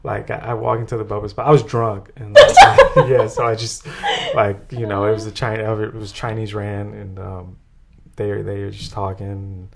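A man's voice: lowish voice, very animated, normal speed, vocal fry, over a noisy crowd. A man co-hosting a podcast, telling loose, slangy stories in casual chat and laughing often. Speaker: podcast co-host.

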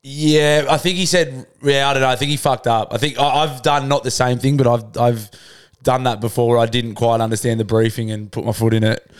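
A man's voice: mid-range voice, fairly even intonation, brisk, smooth. A man with an Australian accent co-hosting a podcast in casual, swearing chat. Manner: laid-back, swearing. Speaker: podcast co-host.

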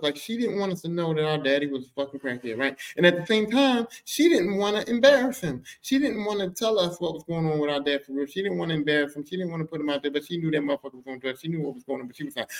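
High-voiced man telling a profane story. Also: fast, hardly any pauses. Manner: animated, profane, shifts into character voices. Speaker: podcast host. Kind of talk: comic personal storytelling.

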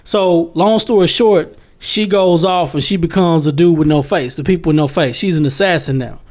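A man's voice: fairly high pitch, normal speed, darkish tone. A man in casual chat, animatedly retelling a story and repeating phrases for effect.

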